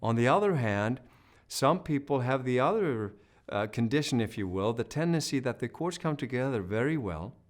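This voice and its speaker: A man's voice: medium pitch, expressive, normal speed. Male voice teacher demonstrating sung notes. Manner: encouraging, demonstrates vocal sounds and sung notes. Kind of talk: singing lesson instruction.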